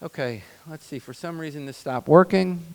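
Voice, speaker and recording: A man, a doctor, giving a conference seminar on stage, animated and asking the audience questions. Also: on the high side, normal speed, creaky, big-room sound, poor audio. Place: large conference hall, on stage.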